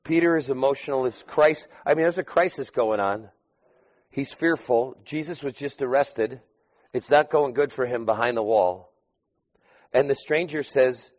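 A man preaching a sermon in a conversational way, rising to loud emphatic bursts and dropping to quiet asides. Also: medium pitch, unhurried. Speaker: pastor.

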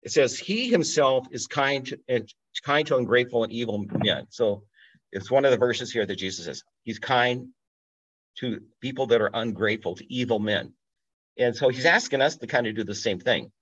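A man's voice: medium pitch, animated, moderate pace, fairly bright tone, breathy edge. Man teaching the Bible informally, muffled. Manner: informal, thinks aloud, asks listeners to think. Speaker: pastor. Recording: dull lo-fi audio.

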